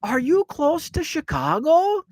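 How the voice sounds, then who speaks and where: A man putting on the voice of an excitable, chatty woman bartender from a small town, high-pitched and gushing with drawn-out vowels. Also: dry recording, studio quality, heavily acted. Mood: flustered gushing.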